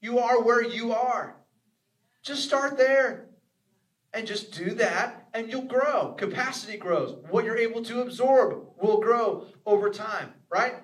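High-voiced preaching man, echoey hall. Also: slow. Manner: earnest, repetitive preaching with acted inner voices. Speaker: pastor. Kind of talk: sermon. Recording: echoey room, voice from a distance.

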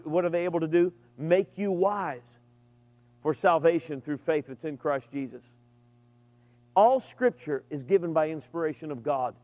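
Middle-aged guy preaching, kinda high voice, lively and jokey, big echoey hall. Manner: animated, humorous preaching with sudden emphatic rises. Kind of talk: sermon. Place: large hall with an audience. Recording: long reverb from a large room.

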